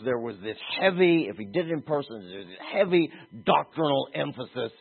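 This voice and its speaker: Male preacher with a husky voice, animated delivery from soft to emphatic, thin phone-like recording. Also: fairly high pitch, a little fast. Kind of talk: sermon. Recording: tinny phone-like audio.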